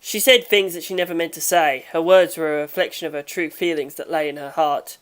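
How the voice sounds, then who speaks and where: Woman, audiobook narrator, low voice, steady measured reading.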